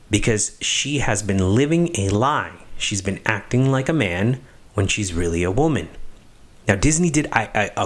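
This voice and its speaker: Low-voiced man preaching a film's moral. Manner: emphatic, lingers on key words; halting, with restarts and fillers. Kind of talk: moral reflection on a film.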